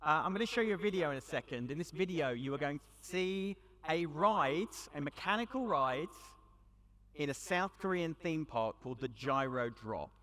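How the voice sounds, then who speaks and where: A man with a British accent giving a storytelling talk to a young audience at an event, conversational with dramatic pauses. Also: fairly high pitch, expressive, a bit bright. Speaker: youth event speaker. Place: large hall with audience. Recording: long hall reverb.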